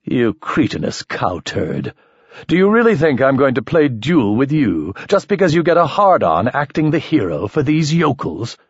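A sardonic young jester, as a male narrator puts him on, full of mock courtesy. The voice sits a bit high for the reader and stays husky, on a dull, lo-fi audiobook recording. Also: very animated, moderate pace, no room sound. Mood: coldly scornful. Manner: sardonic, playfully mock-polite. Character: mocking portly young man in jester costume.

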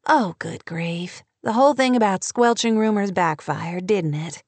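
An excitable young woman friend who loves gossip, as a woman narrator puts her on. Her pitch lifts high and bounces. Close, dry audiobook sound. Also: measured pace, no echo. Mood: eager.

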